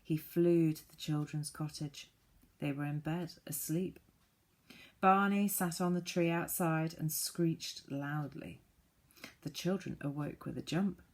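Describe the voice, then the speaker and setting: A woman reading a children's storybook aloud, gently voicing the characters. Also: deep voice, fairly even intonation, slow. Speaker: audiobook reader.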